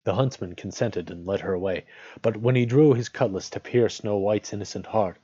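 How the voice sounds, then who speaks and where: A man reading a fairy tale aloud at a measured, unhurried pace, as host of a regular reading. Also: on the low side, warm tone, husky, no room sound, lo-fi sound.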